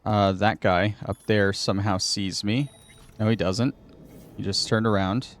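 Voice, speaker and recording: A male gaming host talks through his play in a relaxed commentary, half to the audience and half to himself. His voice sits on the low side and his pace is slow and easy, with quiet asides as he plans each move. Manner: muttering to himself, thinking aloud. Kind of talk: casual gameplay commentary.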